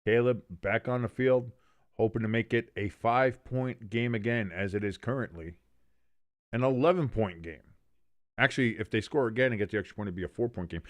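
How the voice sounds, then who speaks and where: A man with a smooth, resonant voice calling the game and joking as he goes. He reads viewer comments aloud and rambles between plays. The sound is dry and close, with no room echo. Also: mid-range voice. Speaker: watch-along host. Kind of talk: casual play-by-play commentary and chat reading.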